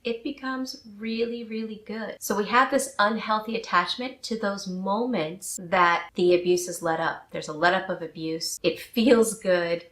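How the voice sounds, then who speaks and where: Woman coach, mid-pitched, measured and earnest, talking to camera in a roomy space. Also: fairly bright tone. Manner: measured, earnest, slows to stress points. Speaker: life coach. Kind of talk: talk to camera on relationships. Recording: echoey room.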